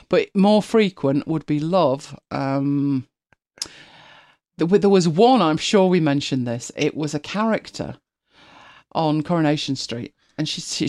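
A woman's voice: deep voice, darkish tone, no echo, studio quality. A middle-aged woman chatting casually as a podcast co-host, laughing often and telling stories with animation. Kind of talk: casual chat.

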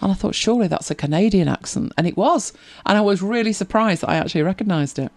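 This host of a tech help show talks fast, with lively intonation and a medium pitch. Chatty and easily amused, they answer viewers' questions casually and often repeat words when starting a line.

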